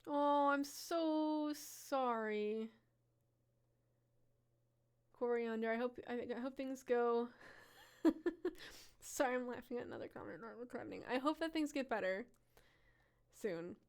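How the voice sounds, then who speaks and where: A woman's voice: on the high side, a little slow, pauses often, a little mellow, clean tone. A woman hosting a live stream, reading viewers' character stories aloud and chatting with them, laughing often. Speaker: live-stream storyteller host.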